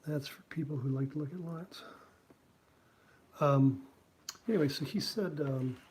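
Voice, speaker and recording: Man, cartoonist, casual drawing chat, mellow voice, rambling with fillers, faint background hiss. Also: a little high, a little slow. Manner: rambling, chatty, many fillers and asides.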